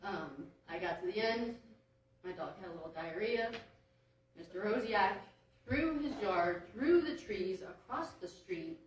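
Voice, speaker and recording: A woman's voice: medium pitch, lively intonation, unhurried, slight background noise. A woman giving public comment at a hearing, recounting her complaints in an aggrieved way, with many ums. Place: large echoey meeting room. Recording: echoey room from a distance.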